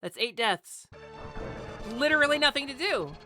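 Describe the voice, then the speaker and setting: Speaking at normal speed in a high, animated voice, a woman live-streams a game over faint game music. She curses and gets exasperated, ranting at the gameplay while chatting with her audience and saying hi to chat.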